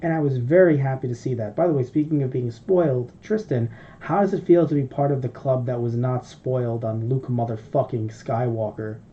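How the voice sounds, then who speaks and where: Dude rambling and swearing on a podcast, really dark mellow voice, kinda muffled audio. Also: male voice, mid-range voice, a little fast, hardly any pauses. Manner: rambling, profane, animated storytelling. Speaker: podcast co-host. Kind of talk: casual podcast chat.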